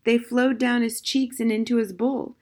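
A woman reads a children's novel aloud in a calm, measured voice. Her narration is steady and clear, shaped for storytelling. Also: on the high side. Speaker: audiobook narrator. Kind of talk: scripted narration.

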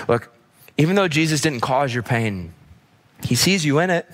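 A man's voice: a little high, lively intonation, normal speed, fairly bright tone. Impassioned male pastor in a reverberant church. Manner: impassioned, repeating lines for emphasis. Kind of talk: sermon. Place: church service.

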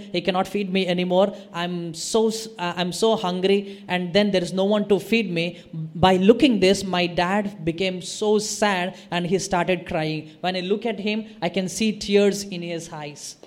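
A man retelling a testimony story, hesitant and full of fillers. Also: sits high. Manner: hesitant, full of "uh" and "you know".

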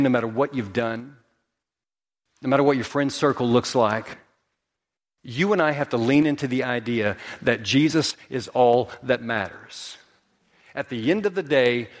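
Guy preaching in church, big echoey sanctuary, gets loud and high then goes real quiet and slow. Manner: builds to high emphatic peaks, then drops to soft slow lines. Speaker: pastor. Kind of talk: sermon. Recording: long hall reverb.

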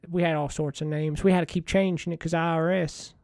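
A man in a rambling comedic monologue as a washed-up TV money-show host, folksy, meandering and deadpan. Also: on the high side, brisk, no room sound, clean studio sound.

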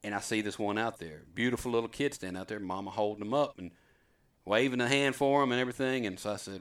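A man's voice: lowish voice, fast, fairly bright tone, recorded from a distance. A middle-aged man, hosting a show and telling stories in a rambling, self-deprecating, folksy way. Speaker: host. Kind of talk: casual storytelling chat.

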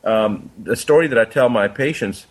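A man's voice: mid-range voice, moderate pace. A man, a doctor, telling a parable in an earnest conversational way. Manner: earnest, tells a parable with quoted dialogue. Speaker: doctor guest. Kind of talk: conversational storytelling.

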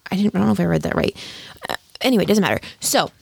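A young woman hosts a solo podcast through a studio microphone, rambling and chatting casually with plenty of self-deprecating asides. Her voice sits in the mid range and sounds creaky and husky, with lively intonation and a very fast pace.

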